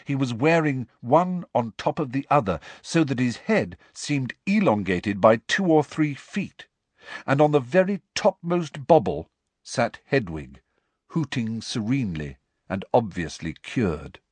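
Expressive man narrating a storybook. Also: unhurried, slightly rough, no echo. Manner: expressive storytelling with lively, varied pitch. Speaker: audiobook narrator. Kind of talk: scripted narration.

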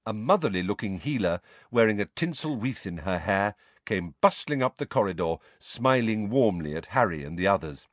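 Man, audiobook narration, lively pitch, dry close sound. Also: normal speed, few pauses, dry recording. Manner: lively, expressive. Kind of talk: storybook reading.

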